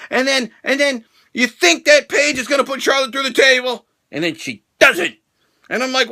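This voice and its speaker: A man's voice: very high voice, moderate pace, creaky, bright, forceful tone. A man ranting in a profane, sarcastic reaction vlog about a wrestling show.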